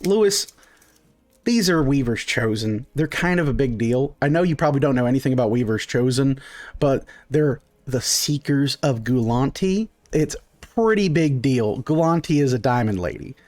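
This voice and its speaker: A man's voice: medium pitch, animated, moderate pace, a little mellow, no echo, close to an everyday voice. A man voicing a bossy, swaggering little girl with a brash, cheery manner in a tabletop game. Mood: bright, bossy.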